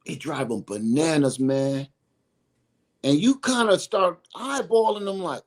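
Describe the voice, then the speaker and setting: Speaking straight to camera from home, a middle-aged video host delivers a casual opinion monologue. His slightly high voice moves at an unhurried pace as he rambles emphatically and repeats his points.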